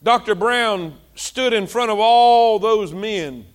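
A male pastor, preaching a sermon with passion, repeating himself and swinging between loud and soft. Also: sits high, takes it slowly.

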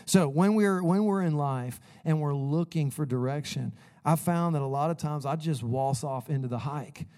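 Guy preaching, mellow warm voice, gets all animated and laughs at his own stories. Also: a little high, moderate pace. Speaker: pastor. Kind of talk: sermon with storytelling.

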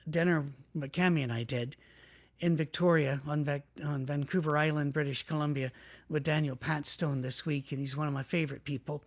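A male pastor preaching in a relaxed, conversational way, acting out the people he quotes. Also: fairly high pitch. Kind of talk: sermon.

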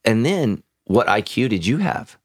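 A man's voice: mid-range voice, sing-song, unhurried, no room sound, clean studio sound. A man, a pastor answering listener questions in a casual podcast chat, speaking frankly with joking asides and frequent restarts.

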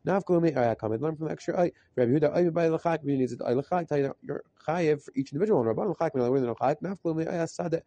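A man giving a rapid Talmud lesson, reading through Aramaic text in a quick chant and translating it as he goes. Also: fairly high pitch, warm tone, dry recording. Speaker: Talmud teacher. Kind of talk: rapid daf yomi lesson.

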